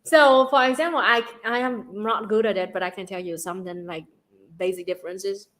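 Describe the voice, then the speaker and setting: A woman from Central Vietnam with a Vietnamese accent, hosting a casual livestream chat, bubbly and quick to laugh. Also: medium pitch, fairly even intonation, fairly bright tone. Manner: bubbly, laughs often, reads donation questions. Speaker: livestream host.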